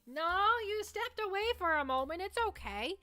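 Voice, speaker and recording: A woman's voice: very high voice, animated, moderate pace, pushed and bright, faint music behind. A young Canadian woman hosting a livestream, rambling casually with her chat and often restarting her sentences. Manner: rambling, chatty, self-interrupting. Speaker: livestream host.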